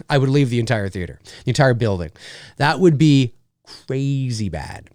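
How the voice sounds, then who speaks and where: Man, live stream host, animated, lively pitch, dry close sound. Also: a little slow, dry recording. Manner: animated, repeats himself, laughs often.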